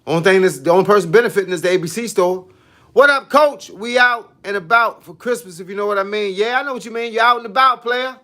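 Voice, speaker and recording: Animated man in his fifties. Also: sits high, fast. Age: 50s. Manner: animated, storytelling, reading out viewer comments. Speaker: fitness coach. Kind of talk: casual livestream chat.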